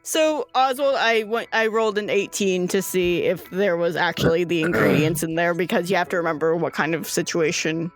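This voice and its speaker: A woman's voice: fairly low pitch, steady tone, moderate pace, hardly any pauses, soft background music. A woman acting as game master, narrating a tabletop game in a playful, teasing way with frequent laughs.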